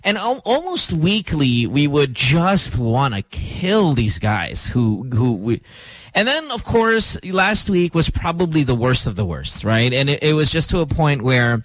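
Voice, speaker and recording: This is a man behind a studio microphone, running a morning radio show. His voice sits a touch high and swings widely as he jokes and plays things up dramatically. The sound is close and dry, with no room around it. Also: unhurried, no echo. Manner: animated, joking, playfully dramatic. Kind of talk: casual radio chat.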